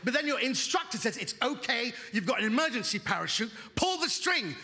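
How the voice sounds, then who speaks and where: A man in his fifties from Britain doing animated stand-up comedy in a large theatre, breaking into shouts and sung lines. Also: extremely high pitch, a little fast. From United Kingdom. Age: 50s. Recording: theatre hall, audience noise. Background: crowd laughter.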